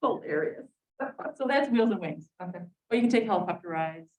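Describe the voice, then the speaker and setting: Woman, low-ish voice, chatty meeting member, recorded from across the room. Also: expressive, a little fast, a little mellow. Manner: chatty, tells anecdotes with quoted asides. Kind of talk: casual meeting chat. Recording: distant mic, dull lo-fi sound.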